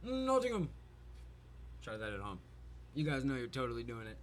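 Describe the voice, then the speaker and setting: A man's voice: mid-range voice, fast. A man hosting a reaction video who comments casually in a crude, swearing, wisecracking way. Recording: loud background noise.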